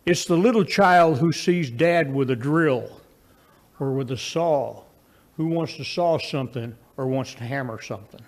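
A man preaches at an unhurried pace, weaving in folksy family anecdotes and moving from forceful, raised lines to soft, low asides.

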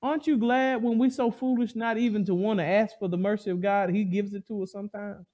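A man preaching a sermon, emphatic and animated, asking the congregation call-and-response questions. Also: high voice, fairly quick.

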